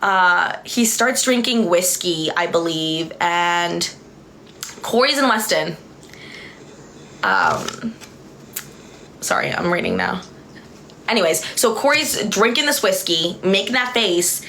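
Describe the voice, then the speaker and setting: Woman, livestream host, bright voice, rambling storyteller, easily distracted, laughs a lot. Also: fairly low pitch, big pitch swings, takes it slowly, vocal fry, long pauses, slight background noise. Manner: laughs often while talking. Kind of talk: casual livestream chat and storytelling.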